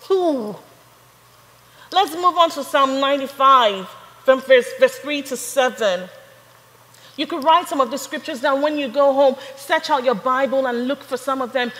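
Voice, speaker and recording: A young adult woman preaching a sermon, building from storytelling to fervent, shouted praise. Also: sits high, normal speed, long reverb tail, rough recording.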